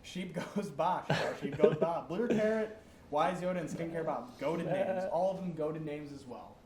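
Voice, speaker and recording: A man's voice: fairly high pitch, moderate pace. A young man co-hosting a casual esports recap, joking as he rattles off player names. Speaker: co-host. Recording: echoey room, faint noise.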